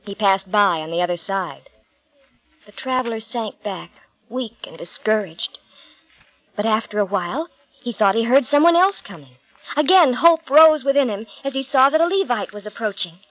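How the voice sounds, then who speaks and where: A woman narrating a Bible story with clear, measured storytelling. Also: a little high, expressive, a bit bright, low-quality recording.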